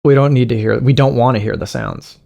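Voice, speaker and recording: A man's voice: mid-range voice, fairly quick, creaky, mellow, lo-fi sound. A man hosting a reaction video, talking in a casual, sarcastic and profane way.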